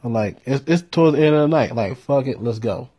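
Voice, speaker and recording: A man telling a profane story in a laid-back way, with deadpan punchlines. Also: mid-range voice, brisk, slightly rough, highs cut off. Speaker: storyteller host.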